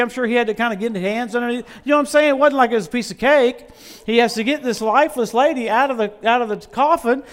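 A middle-aged man preaching a storytelling sermon, swinging from loud exclamations to hushed asides. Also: very high voice. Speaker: visiting preacher.

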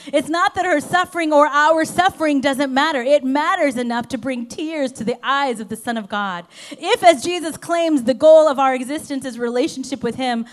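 Woman pastor, sermon, high voice, emphatic, loud to hushed. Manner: emphatic, shifting between loud urgency and soft hushed passages.

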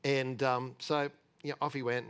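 A man's voice: medium pitch, flat delivery, normal speed, fairly bright tone, clear, resonant tone. Candid, chatty male preacher telling stories. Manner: chatty and candid, with frequent restarts and light laughter. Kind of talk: conversational sermon storytelling.

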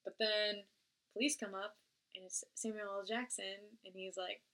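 A woman casually retelling a movie plot, swearing freely and acting out the characters in quick put-on voices. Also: mid-range voice, flat delivery, a bit bright, slight background noise.

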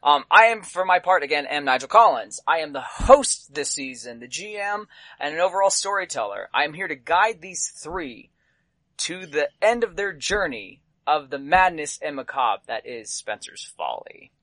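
A man's voice: fairly high pitch, sing-song, moderate pace, pushed and bright, no echo. A man hosting a tabletop horror game podcast as game master, talking playfully with goofy asides.

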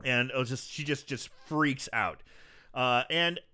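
A man's voice: mid-range voice, unhurried. A man co-hosting a casual podcast, recapping a movie with lots of laughs and acted-out lines. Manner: animated, laughs often, acts out scenes in voices. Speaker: podcast co-host.

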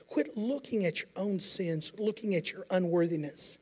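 A pastor preaching a sermon, earnest, moving between quiet passages and emphatic declarations. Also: male voice, high-pitched, moderate pace, hardly any pauses, husky.

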